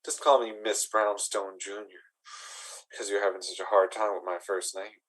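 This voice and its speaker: A man voicing a sultry female goblin lady who talks low, slow and teasing. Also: little pitch movement, a bit bright, rough recording.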